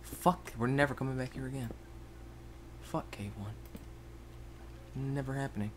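A man giving rambling Let's Play commentary at his computer, jumping between loud outbursts and muttered whispers. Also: medium pitch, unhurried, long pauses, a little hiss or hum. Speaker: gaming YouTuber. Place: at a computer, indoors.

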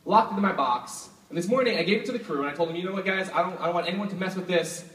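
Young guy magician hyping up a live crowd, high voice, kinda far off in an echoey hall. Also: rapid-fire. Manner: energetic, hyping the crowd, filler "like". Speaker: stage magician. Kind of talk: live stage show patter. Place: live show venue with audience. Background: audience.

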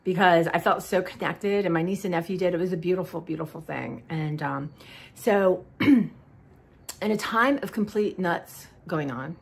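A woman in her fifties chatting casually to her viewers, rambling and warm with drawn-out "y'all"s and sighs. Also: fairly low pitch, gravelly, slightly rough. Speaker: vlogger. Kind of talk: casual haul chat.

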